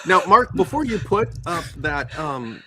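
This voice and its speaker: A man's voice: fairly high pitch, big pitch swings, unhurried, sharp tone. A man hosting a podcast livestream, thanking viewers and talking with fillers. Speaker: livestream host. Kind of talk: casual livestream chat.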